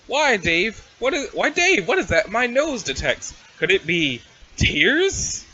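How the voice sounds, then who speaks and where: A man's voice: sits high, very animated, slow pace, bright, forceful tone, no echo, dull audio, full character voice. A man voicing a smug, playful teenage alien troll girl in a webcomic reading, with a teasing, sing-song manner. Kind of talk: reading a webcomic aloud with voices.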